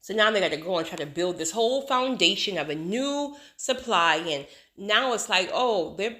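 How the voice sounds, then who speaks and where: A woman's voice: mid-range voice, animated, moderate pace, few pauses, fairly bright tone. A woman hosting her own video channel, talking casually and emphatically to her subscribers, with lots of rhetorical repetition. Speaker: YouTube channel host. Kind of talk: casual vlog talk to subscribers.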